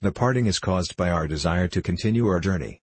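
A man voicing a brave, polite young soldier in a storybook, speaking calmly and firmly. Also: sits low, brisk, slightly rough, no room sound. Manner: calm, firm and courteous.

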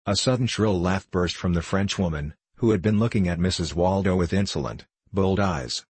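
A man reading a novel aloud as audiobook narration, in an even, unhurried storytelling manner. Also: low voice, slightly rough, no echo. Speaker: audiobook reader. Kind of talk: scripted narration.

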